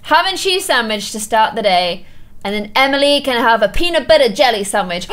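High, lively excitable woman gamer. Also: moderate pace. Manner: excitable, frequent gasps, playful exclamations. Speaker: video game streamer. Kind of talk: gameplay commentary.

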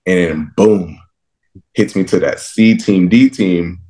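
Deep-voiced young man telling stories. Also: takes it slowly. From Texas. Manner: animated storyteller, laughs often, acts out his younger self. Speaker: guest, professional football linebacker. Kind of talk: casual interview storytelling.

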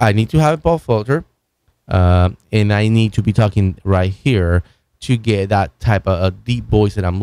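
A man's voice: medium pitch, no echo. Casting: man, video host, unpolished demo patter with frequent restarts, studio mic on an arm, dry room. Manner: loose, halting talk with many restarts while moving around the mic. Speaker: video host reviewing microphones. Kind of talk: casual product demonstration. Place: home studio desk. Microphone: broadcast microphone on an arm, at varying distance.

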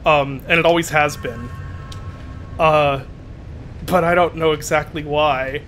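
A man streaming a game, with an unusual, odd-sounding voice that sits a little high and rings bright. He rambles in a self-deprecating way and breaks off to exclaim at his in-game mishaps. Light background noise sits behind him. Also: steady tone, slow pace. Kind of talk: casual chat while playing a game.

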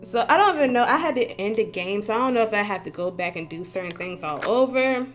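Woman, game streamer, chatty, curses a lot, laughs often, mid pitch. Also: animated, fast talker, soft background music. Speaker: gaming streamer. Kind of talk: casual live-stream chat. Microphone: desk mic with facecam.

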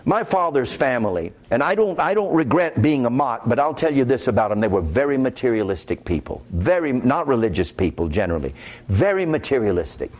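A man's voice: medium pitch, sing-song, brisk. A man with a Midwestern American accent preaching a sermon as pastor, conversational and quoting scripture aloud.

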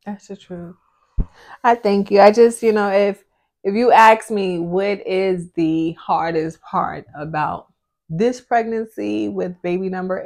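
A pregnant woman in her thirties chats candidly in a relaxed sit-down talk, her speech full of "like" fillers. Her pitch sits in the ordinary middle range for a woman. She talks openly and at length. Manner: candid, chatty, with many "like" fillers. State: pregnant, often out of breath. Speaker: family channel vlogger. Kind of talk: casual sit-down chat with husband.

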